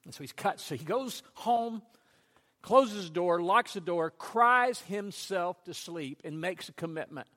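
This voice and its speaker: A man preaching a sermon, telling stories that build to loud, intense peaks. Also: high-pitched, animated, measured pace, big-room sound. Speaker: pastor.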